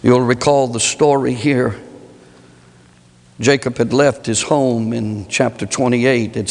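A man preaching a sermon, moving between low, measured reflection and high, pleading rhetorical questions. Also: vocal fry. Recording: long hall reverb.

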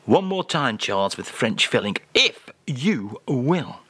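A male radio host running a comic segment in mock-pompous banter. His voice is bright and ringing, and his pitch leaps about constantly. The sound is dry and close. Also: big pitch swings, slow pace, husky, no room sound.

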